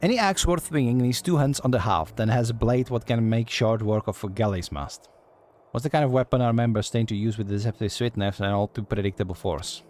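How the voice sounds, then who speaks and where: A man's voice: fairly low pitch, fairly quick, darkish tone, soft background music, lightly acted. A man voicing a teasing female guild receptionist from a game, in a put-on Scottish accent, reading her dialogue aloud in a folksy, storytelling way. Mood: yarn-spinning.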